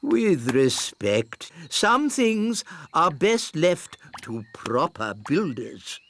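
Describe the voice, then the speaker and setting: An actor voicing a smug, self-important old male elf who talks slowly and lingers over his words. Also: fairly high pitch, big pitch swings, a bit bright, a little hiss or hum, full character voice. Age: older. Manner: slow, self-important, drawn-out. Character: wise old male elf, smug know-it-all builder.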